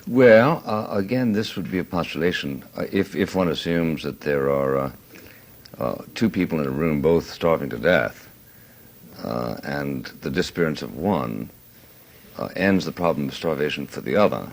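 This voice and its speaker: A man hosting an archival televised debate, drawling and pausing with hesitant "uh"s as he builds an argument. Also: rumbling low, expressive, creaky. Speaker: debate host.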